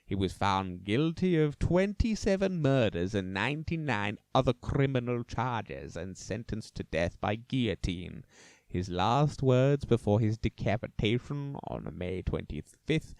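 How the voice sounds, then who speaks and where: A man's voice: mid-range voice, big pitch swings, unhurried, a little mellow, no room sound. A man hosting a podcast, telling a true-crime story casually and theatrically, with jokey asides. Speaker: podcast host.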